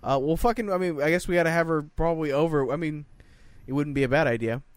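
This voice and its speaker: A man's voice: on the high side, fast, no echo. A man in casual chat who hesitates and restarts often, with a wry tone.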